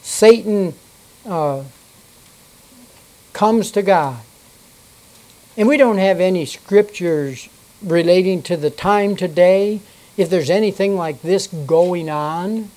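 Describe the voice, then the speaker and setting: Bible teacher, slow delivery, mellow dark tone, reading scripture then explaining it. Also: medium pitch, poor audio. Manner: unhurried, reads from notes and corrects itself aloud.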